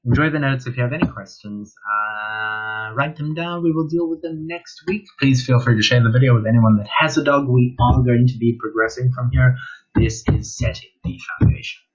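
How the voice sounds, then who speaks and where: A man runs a casual dog training workshop from home, talking straight to the camera in a chatty, offhand way. His voice is husky and sits at a middle pitch. The recording is dull and lo-fi. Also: a little fast, few pauses, faint music behind. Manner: chatty, talks straight to the viewer, swears offhandedly. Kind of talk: casual online workshop talk.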